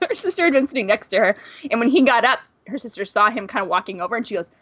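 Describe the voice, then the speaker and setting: A woman co-hosting a podcast, telling an anecdote in casual chat, gushing and excitable. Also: a little high, rapid-fire, no room sound. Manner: gushing, excitable storyteller who acts out quotes. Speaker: podcast co-host.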